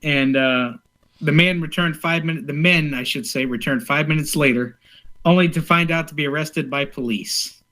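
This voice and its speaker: Laid back podcast guy, kinda high bright voice, just going along with his cohost. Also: moderate pace. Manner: easygoing, agreeable sidekick. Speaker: podcast co-host. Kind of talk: casual chat.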